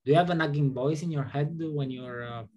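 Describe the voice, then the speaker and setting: A man's voice: a little high, a little fast, warm tone, lo-fi sound. A man hosting a casual group discussion, hesitant, with many fillers and restarts, playful and laughing often. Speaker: seminar host.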